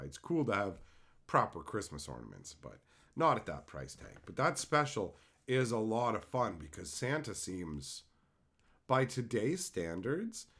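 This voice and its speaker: A man's voice: mid-range voice, fairly bright tone. A man hosting a casual livestream, rambling and joking while he reads out viewer chat. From Canada. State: tired after dental work. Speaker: livestream host. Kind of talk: casual live-stream chat.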